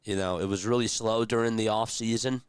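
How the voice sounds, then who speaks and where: A young man calling a game play-by-play on a live stream, chatty and rambling between pitches and talking to his viewers. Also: steady tone, a little fast, smooth, dry recording. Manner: chatty, rambling asides between calls, talks to chat. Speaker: streamer doing radio-style play-by-play.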